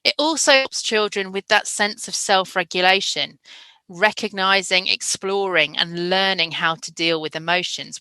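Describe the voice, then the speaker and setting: A woman presenting to teachers at a conference, enthusiastic and emphatic. Her voice sits fairly low and bright, and the sound is dry and close. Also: no echo, low-quality recording. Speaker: literacy education trainer.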